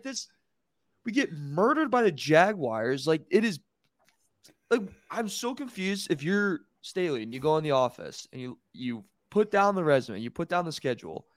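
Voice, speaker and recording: A man's voice: no echo, studio quality. A man co-hosting a sports podcast, talking animatedly and incredulously. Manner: animated, incredulous, jumps up in pitch. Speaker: podcast host. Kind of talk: casual sports talk.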